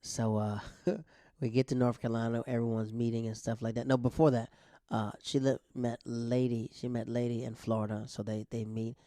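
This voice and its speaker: A man's voice: medium pitch, flat delivery, normal speed, warm tone, dry recording, clean studio sound. A man, a stand-up comedian, telling family stories in a casual monologue, often laughing as he talks. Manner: laughs often while telling, acts out family members' voices. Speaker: stand-up comedian, podcast host.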